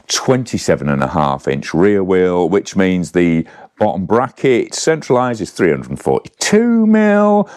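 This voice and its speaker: A man's voice: low-pitched, darkish tone. A man casually talking through a bike's specs to camera, chatty and rambling, with self-corrections and asides. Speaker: bike reviewer. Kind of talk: casual spec walkthrough to camera.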